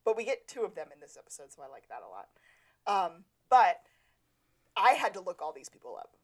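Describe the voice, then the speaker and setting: A woman's voice: lowish voice, very animated, brisk, breathy edge. A woman co-hosting a podcast in casual chat, rambling in a friendly way and talking straight to the listeners. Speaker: podcast co-host.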